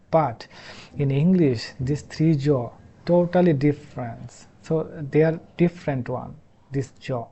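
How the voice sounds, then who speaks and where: Bangladeshi guy teaching english pronunciation, slow, halting, says each sound again and again. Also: mid-range voice, mellow. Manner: halting, repeats sounds over and over. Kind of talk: explanatory lesson.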